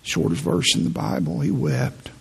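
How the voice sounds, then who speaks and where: Male pastor, middle-aged, earnest storyteller, husky and a bit high, reverberant sanctuary. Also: moderate pace, darkish tone. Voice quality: gravelly, husky. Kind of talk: sermon. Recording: long reverb in a large hall.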